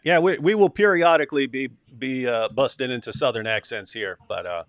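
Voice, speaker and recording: A man's voice: medium pitch, lively intonation, normal speed, no room sound. A man from West Virginia hosting a casual chat, rambling with frequent restarts. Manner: rambling, many restarts and laughs. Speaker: host.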